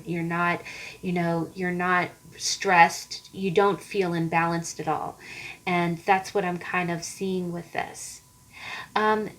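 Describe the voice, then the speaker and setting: A woman reads tarot cards for her viewers in an easy, meandering way. She speaks at a middling pitch, restarts her sentences and leans on little fillers as she goes. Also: low-quality recording. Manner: rambling and conversational, many fillers and repeated starts. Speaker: tarot card reader. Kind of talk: casual tarot reading to viewers.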